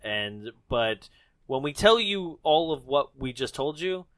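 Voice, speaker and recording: A man's voice: medium pitch, sing-song, takes it slowly, crowd noise. A man co-hosting a casual movie podcast, joking, swearing and laughing often as he acts out scenes. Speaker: podcast co-host. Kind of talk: casual movie-review banter.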